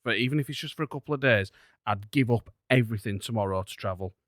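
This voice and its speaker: Lively man, low voice. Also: quick pace, no echo, studio quality. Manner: animated, storytelling with restarts. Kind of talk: casual podcast chat.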